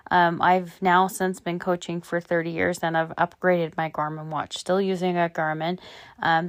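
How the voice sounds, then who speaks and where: A woman in her fifties, a running coach, giving a relaxed, friendly spoken intro with a few ums. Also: fairly low pitch.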